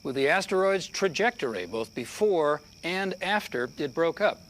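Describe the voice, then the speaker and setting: An actor playing a male TV correspondent reporting in a measured way over a remote link. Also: on the high side, animated, fairly bright tone, slight background noise. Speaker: field correspondent. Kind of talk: scripted TV news report.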